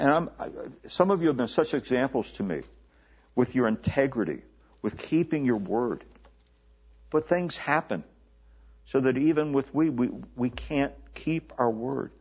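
A man preaching a sermon in a conversational way, often repeating words and slowing down to stress the scripture he quotes. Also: medium pitch, husky. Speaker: pastor. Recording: dull lo-fi recording.

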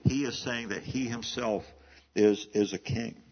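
A man's voice: on the low side, steady tone, a little slow, husky. A man preaching an expository sermon in a conversational teaching manner, often restarting and repeating words mid-sentence. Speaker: pastor. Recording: muffled lo-fi sermon recording.

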